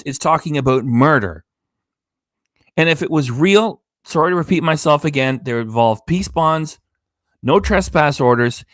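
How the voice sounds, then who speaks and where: A man's voice: mid-range voice, fairly bright tone, no echo, studio quality. A tired man hosting a reaction channel, ranting with indignant sarcasm about a live stream. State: tired, low energy. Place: home studio with green screen.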